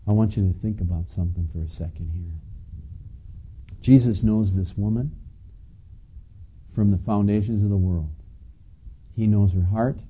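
A man's voice: on the low side, fairly even intonation, moderate pace, long pauses, dark tone, slightly rough, dull audio. A man preaching a conversational sermon, reading scripture and adding casual asides to his listeners. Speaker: pastor. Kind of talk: sermon teaching.

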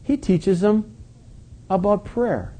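A man's voice: sits high, animated, slow pace, mellow. A man preaching a sermon in a conversational, questioning way, stressing his points with emphasis.

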